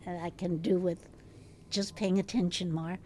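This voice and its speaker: An older actress with a distinctive, recognizable voice, telling stories as a podcast guest with frequent laughter. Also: female voice, lowish voice, normal speed, a little hiss or hum. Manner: lively, laughs often while telling stories. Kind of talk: casual interview storytelling.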